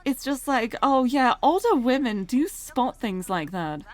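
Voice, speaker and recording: A woman's voice: fairly high pitch, sing-song, measured pace, a little mellow. A British woman streamer reading a visual novel aloud, chatty and laughing often.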